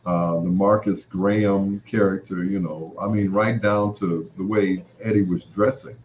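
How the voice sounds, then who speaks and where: A middle-aged podcast host from the Chicago area chats and tells stories in a loose, rambling way, full of "you know" fillers and acted-out quotes. His voice is low-pitched and darkish, with fairly even intonation and a measured pace, and there's slight background noise.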